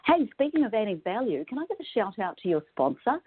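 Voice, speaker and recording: A woman's voice: medium pitch, sing-song, quick pace, slightly rough. A woman from New Zealand with a New Zealand accent, a guest talking enthusiastically in a podcast interview. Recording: tinny phone-line audio.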